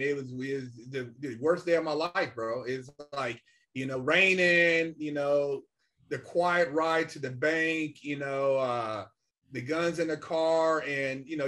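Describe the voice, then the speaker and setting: A middle-aged man telling a story casually and animatedly, swearing often and filling pauses with "you know" and "man". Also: on the high side. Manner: animated, swears a lot, many fillers. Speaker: podcast guest.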